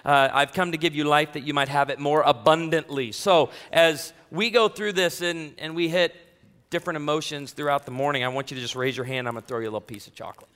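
A man's voice: a little high, fairly even intonation, fast talker, a bit bright, smooth, big-room sound. A man preaching a sermon as pastor in a church, talking straight to the congregation in a joking, self-deprecating, conversational way. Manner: talks directly to the congregation. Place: church sanctuary.

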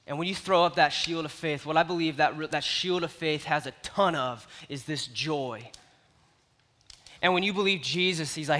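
Male preacher, high bright voice, animated storytelling, long hall reverb. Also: normal speed. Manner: animated storytelling with big swings in loudness. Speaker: youth pastor. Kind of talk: sermon.

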